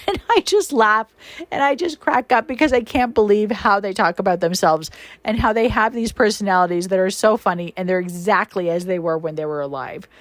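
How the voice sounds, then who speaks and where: A woman hosting a podcast, telling stories in a casual, chatty monologue with many fillers and sudden emphatic rises in pitch. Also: normal speed, dry recording. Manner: animated, emphatic, swings her pitch up when excited. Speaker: podcast host and shaman.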